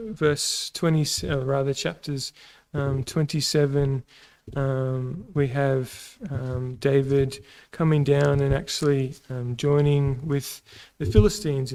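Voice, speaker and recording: An Australian man teaching a casual Bible lesson, pausing often with ums and restarts. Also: fairly high pitch, a little mellow, clear, resonant tone, low-quality recording. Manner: halting, many ums and restarts.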